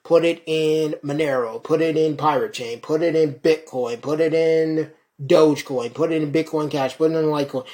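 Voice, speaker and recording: Fast-talking heated man ranting solo. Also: a little high, fairly even intonation, a little mellow. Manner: fast, heated, repeats "folks" and swears. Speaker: podcast host. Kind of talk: solo podcast rant.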